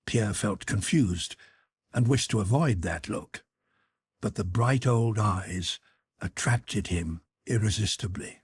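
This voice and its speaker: A man reading a classic novel as an audiobook narrator in a steady, even storytelling voice. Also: on the low side, takes it slowly, breathy edge, no room sound.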